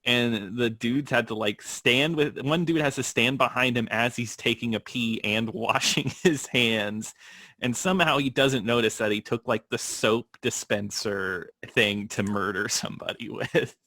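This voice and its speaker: A man co-hosting a film podcast in casual chat, laughing often and talking in an animated way. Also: mid-range voice, a little slow, dry recording, clean studio sound. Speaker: podcast co-host.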